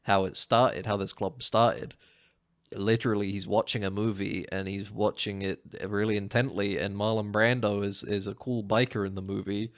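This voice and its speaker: Gravelly-voiced man rambling casually. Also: lowish voice, little pitch movement, normal speed, a bit bright. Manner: rambling, restarts and laughs a lot. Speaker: podcast co-host. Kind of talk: casual chat.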